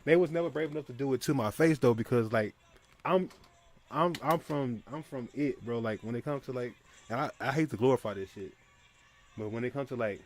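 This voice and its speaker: A man's voice: medium pitch, a little fast. Young guy on a stream chat, rambly, slangy, keeps restarting his sentences. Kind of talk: casual chat.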